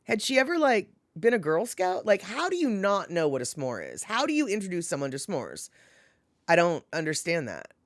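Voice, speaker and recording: A casual, talkative woman hosting a live stream and answering her chat. Her pitch swoops up and down as she rambles and laughs. The sound is dry, with no room echo. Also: moderate pace. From Washington state. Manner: animated, chatty, laughs often, lots of fillers. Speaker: livestream host reading chat.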